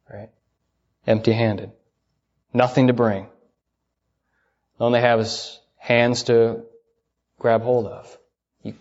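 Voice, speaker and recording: A man's voice: mid-range voice, a little mellow, muffled recording. A man preaching a sermon, stressing his points with repetition and asking his listeners questions. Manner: emphatic, repeats key phrases, asks the listeners questions.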